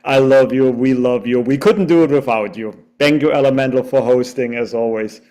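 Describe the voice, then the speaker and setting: A man with a warm, mellow voice at a mid pitch speaks gently over a video call. He is grateful and easygoing, drops "you know" often, and reads his short poem plainly. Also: moderate pace. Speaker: poet at open mic. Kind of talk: casual chat and poetry reading. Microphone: video call mic.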